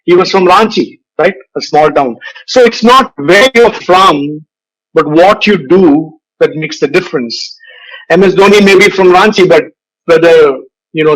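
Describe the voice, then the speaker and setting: A man's voice: high voice, fairly bright tone, poor audio. Older man telling career stories. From India. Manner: unhurried storytelling, lecturing tone. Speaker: guest speaker, advertising veteran. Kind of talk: motivational speech with anecdotes. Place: virtual event recording.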